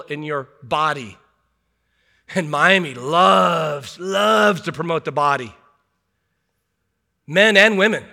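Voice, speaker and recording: A man's voice: fairly high pitch, bright, forceful tone. A middle-aged man preaching a sermon as pastor, earnest and full of rhetorical questions with wry asides. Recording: long hall reverb.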